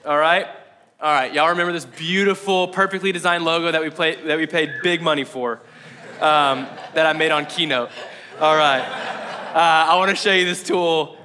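A man's voice: fairly high pitch, steady tone, normal speed, bright, forceful tone. A man giving a casual, conversational sermon as a pastor, joking and acting out imagined inner voices in a church meeting room.

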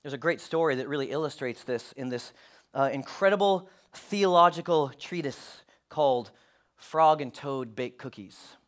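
A man preaching a sermon, animated, acting out voices as he reads a children's story to his congregation. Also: mid-range voice, normal speed. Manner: animated, acts out story voices, swings loud to hushed. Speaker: pastor.

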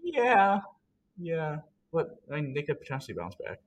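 A man's voice: on the high side, wildly swooping pitch, moderate pace, a little hiss or hum. A man co-hosting a casual sports podcast, rambling and talking himself through trivia answers. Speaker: podcast co-host.

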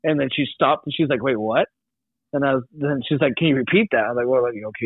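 A man's voice: mid-range voice, fast, no echo. A young man, a podcast guest, telling a faith story in a rambling way, full of restarts and fillers. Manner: rambling, many restarts and likes. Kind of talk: casual testimony. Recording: tinny phone-like line.

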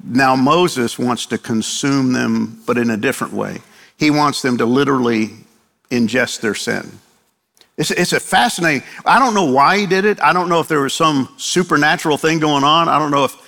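A man's voice: medium pitch, normal speed, vocal fry, pushed and bright, in a large hall. An older man preaching a sermon in a conversational way, acting out quotes from the text. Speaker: pastor.

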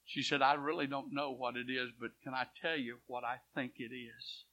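A man preaching a sermon. He tells a story and swings from hushed quotes to loud swells. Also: mid-range voice, flat delivery, normal speed. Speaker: pastor. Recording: dull lo-fi church recording.

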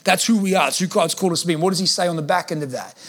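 A man's voice: high voice, rapid-fire, fairly bright tone. A man preaching a sermon as a pastor, humorous and acting out the voices he quotes. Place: church hall with congregation.

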